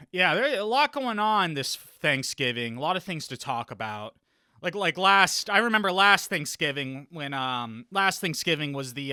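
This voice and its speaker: A man's voice: a little high, pushed and bright, smooth, no echo, studio quality. A young man hosting a podcast in a rambling, boastful casual chat, often laughing between thoughts. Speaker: podcast host.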